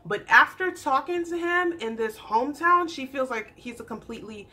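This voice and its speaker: Bright, chatty young woman recapping TV. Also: high-pitched, moderate pace. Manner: chatty and animated, acting out the people she quotes. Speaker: YouTube TV recap host. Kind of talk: casual recap vlog.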